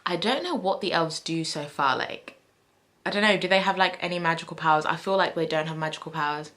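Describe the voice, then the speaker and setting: Young woman vlogger, casual rambling chat, slightly low voice, thinks aloud. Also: a little fast, fairly bright tone. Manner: rambling, thinks aloud with many fillers and self-corrections. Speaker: book vlogger. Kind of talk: casual chatty predictions to camera.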